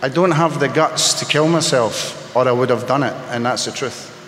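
A man sharing his personal story in a candid, emotional, halting way, speaking as a testimony to a gathered audience. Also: mid-range voice, a bit bright, a little hiss or hum. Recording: echoey hall with long reverb.

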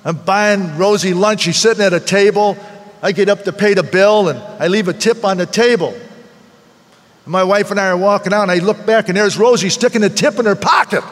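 Earnest older man with a high voice. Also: normal speed, big-room sound. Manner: earnest and heartfelt, repeats phrases for emphasis. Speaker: speaker at a recovery meeting. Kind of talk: personal testimony talk.

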